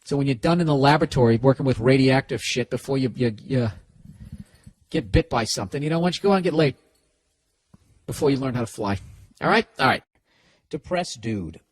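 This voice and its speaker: Loud, profane, sarcastic male podcast host. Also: medium pitch, animated, fairly quick, pauses often. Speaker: podcast host giving advice. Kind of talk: casual comedic monologue reading listener letters.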